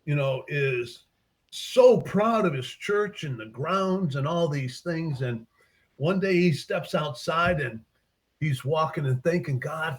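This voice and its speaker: A man, a book author in a casual interview, retelling his short stories with lively acted-out character lines. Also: on the high side, unhurried, husky. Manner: animated storyteller, acts out characters' lines.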